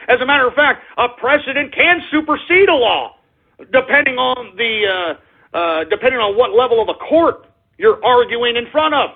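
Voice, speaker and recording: A man with a very high, husky voice delivers an angry talk radio rant, swearing and shouting at his audience. The sound is thin and tinny, like a phone line. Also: animated, normal speed. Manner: impassioned, profane, repeatedly shouting at listeners. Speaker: radio show host. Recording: narrow phone-like lo-fi audio.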